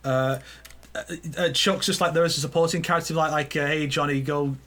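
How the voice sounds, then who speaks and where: A man's voice: a little high, steady tone, a little fast, a bit bright. A man co-hosting a casual gaming podcast, rambling through silly movie scenarios and acting out the characters in goofy voices. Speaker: podcast co-host.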